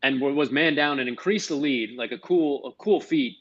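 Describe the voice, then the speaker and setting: A man's voice: mid-range voice, normal speed, a bit bright, lo-fi sound. A young man co-hosting a casual sports podcast, talking in loose, rambling bursts that trail off. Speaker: podcast co-host.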